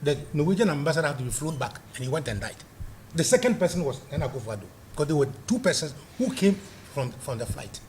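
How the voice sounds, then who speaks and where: A man's voice: fairly high pitch, very animated, quick pace, a little mellow, a little hiss or hum. An angry man with a Ghanaian accent, a guest delivering heated political commentary and repeating points for emphasis.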